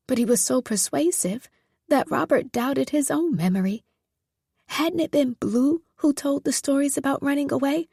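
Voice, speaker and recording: A woman reading a novel aloud in steady, measured narration. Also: fairly high pitch, gravelly, breathy edge, no room sound, studio quality. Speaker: audiobook narrator. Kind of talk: scripted narration.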